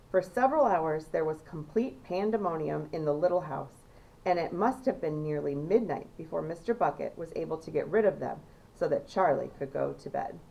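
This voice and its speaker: Teacher lady reading a kids' book out loud, lowish voice, steady and clear. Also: low-quality recording. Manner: steady storytelling, lively when voicing characters. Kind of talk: reading a children's novel aloud.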